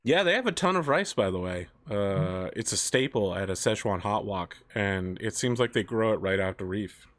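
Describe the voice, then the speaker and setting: A man's voice: on the low side, lively intonation, normal speed, hardly any pauses, a bit bright. A man running a tabletop role-playing game as game master, teasing the players in a laid-back way and explaining the setting.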